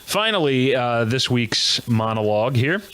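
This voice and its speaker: A man's voice: medium pitch, sing-song, measured pace, a bit bright, clear, resonant tone. A man hosting a comedy show, delivering a jokey news monologue with self-mocking, rambling asides.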